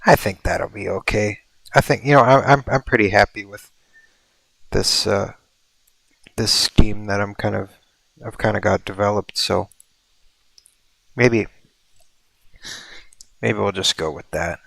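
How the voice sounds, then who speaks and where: A male streamer with a gravelly, low voice, thinking aloud in a slow, unhurried drawl. He muses over his building, now and then drifting into playful mock-mystical asides. The sound is dry and close. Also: a bit bright, no room sound. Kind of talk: casual livestream commentary.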